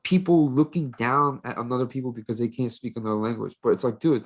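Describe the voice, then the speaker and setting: A young man from Korea, a native Korean speaker, talks on a casual podcast. He is heated and swears in almost every sentence. His voice sits at an ordinary middle pitch. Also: fairly even intonation, fast talker. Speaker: podcast co-host.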